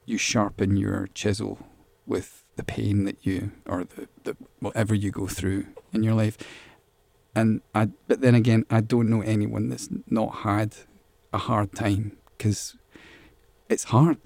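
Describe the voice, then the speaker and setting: A man's voice: on the low side, level tone, measured pace, gravelly, darkish tone, dry recording. A man being interviewed as a musician, talking casually and rambling, repeating words as he thinks. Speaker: musician guest.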